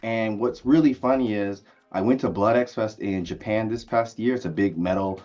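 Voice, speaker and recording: A man's voice: fairly low pitch, moderate pace, a little mellow, dull audio. An enthusiastic man giving a casual spoken music review, with plenty of "like" and "uh" fillers. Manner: enthusiastic, lots of likes and uhs. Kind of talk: casual video album review.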